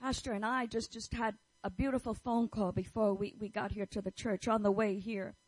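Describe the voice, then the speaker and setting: A woman's voice: mid-range voice, steady tone, moderate pace, darkish tone, breathy edge, no room sound, low-quality recording. A middle-aged woman preaching a fervent sermon, declaring and repeating her phrases as she prays over the listeners. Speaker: pastor's wife preaching.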